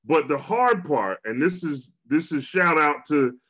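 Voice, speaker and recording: A man co-hosting a podcast conversation, retelling a cartoon episode in a lively storytelling way and closing with an earnest message to listeners. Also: on the high side, a little slow, breathy edge. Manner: animated storyteller, preachy wrap-up. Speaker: podcast co-host. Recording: dull lo-fi sound.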